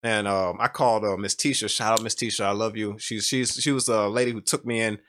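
Fast-talking man, bright voice. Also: on the low side, steady tone. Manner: rambling, many fillers and restarts. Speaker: guest telling his story. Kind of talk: casual storytelling.

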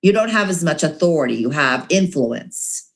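A woman co-hosting a podcast, chatting in an emphatic, lively way. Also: low-pitched, moderate pace, vocal fry. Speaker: podcast co-host. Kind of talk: casual interview chat.

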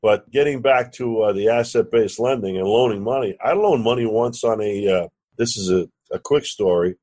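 A man, a real estate lender and podcast guest, telling a lively anecdote and acting out the other voices. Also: on the low side, normal speed. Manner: animated anecdote teller, acts out quoted dialogue, curses casually. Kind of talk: storytelling in a podcast interview.

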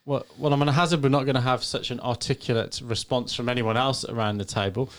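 A man's voice: medium pitch, fairly even intonation, a bit bright. A man hosting a casual podcast, teasing his co-hosts. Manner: teasing, quick. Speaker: podcast host. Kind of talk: casual chat.

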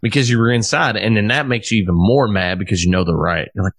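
Low-voiced man rambling in casual chat. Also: fast, hardly any pauses, a little hiss or hum. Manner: rambling and profane, with many restarts. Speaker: podcast host, musician.

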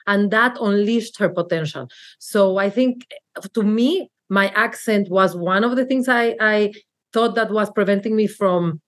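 Mexican-accented woman speaking earnestly. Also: medium pitch. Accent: Mexican Spanish. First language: Spanish. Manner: earnest, reflective, with frequent fillers and restarts. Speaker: marketing executive guest. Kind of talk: candid interview conversation.

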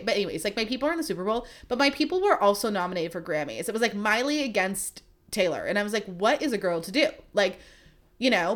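Young woman, solo podcast host, emotional and close to tears; rambling, gushy, sweary chat with medium pitch. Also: a bit bright. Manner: gushing, sweary, rambling with many fillers.

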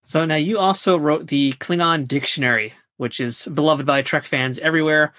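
A man hosting a podcast and asking a guest casual, quick questions. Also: fairly high pitch, pushed and bright, no room sound, clean studio sound. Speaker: podcast host. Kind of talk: interview questions.

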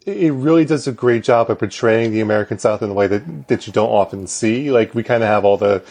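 A man's voice: fairly low pitch, quick pace, darkish tone. A man as a podcast guest, talking in a rambling, self-deprecating way. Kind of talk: casual chat.

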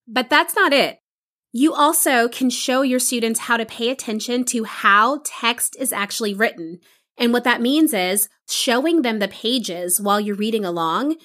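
A woman's voice: on the high side, normal speed, fairly bright tone. A woman hosting an educational podcast for teachers, explaining read-alouds and acting out think-aloud examples.

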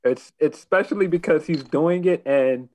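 A man co-hosting a casual wrestling discussion podcast, talking in hesitant restarts and fillers that turn animated when he gives his opinion. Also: a little high, moderate pace, rough recording. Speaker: podcast co-host.

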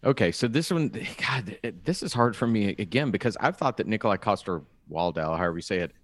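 A man's voice: on the low side, animated, fairly quick, dry recording. A man co-hosting an awards-prediction chat, talking eagerly and often repeating words as he starts a thought. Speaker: podcast co-host. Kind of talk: casual chat.

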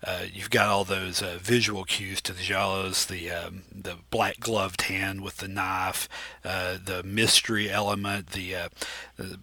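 A man's voice: sits low, level tone, measured pace, pushed and bright, dry recording. A man who teaches film, sharing analytical, lecture-like points in a casual podcast chat.

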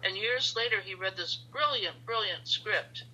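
A woman guest on a podcast tells anecdotes in a lively way. Her voice is very bright and sharp, and it sits at a middle pitch. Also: moderate pace, husky, poor audio. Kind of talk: telling anecdotes in conversation.

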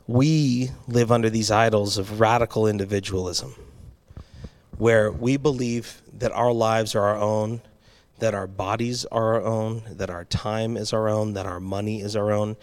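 A man's voice: lowish voice, a little mellow. A male pastor delivering a sermon in a conversational way, with restarts and asides to the congregation.

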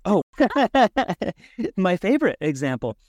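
Male podcast co-host, casual and animated, acts out his inner thoughts, dry studio sound. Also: sits high, slow pace, no room sound.

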